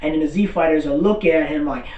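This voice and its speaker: Man, excitable rambling rant, swears a lot, casual recap, echoey room, far from the mic. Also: on the high side, fast talker, lo-fi sound. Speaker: anime commentator.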